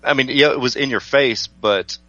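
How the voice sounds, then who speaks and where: A man's voice: mid-range voice, normal speed, bright, forceful tone, no room sound, highs cut off. A man hosting a radio interview, polite and deferential, addressing his guest as sir. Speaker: radio show host.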